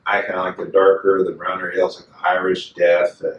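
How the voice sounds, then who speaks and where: A man's voice: sits low, completely flat delivery, fast talker, highs cut off. A man co-hosting a casual beer-tasting chat, hesitant and full of fillers. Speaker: podcast co-host. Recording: echoey room, mic far off.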